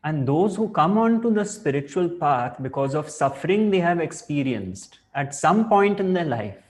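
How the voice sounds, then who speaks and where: A man giving a spiritual talk, reflective and deliberate, weaving in a parable. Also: fairly high pitch, very animated. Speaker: spiritual teacher.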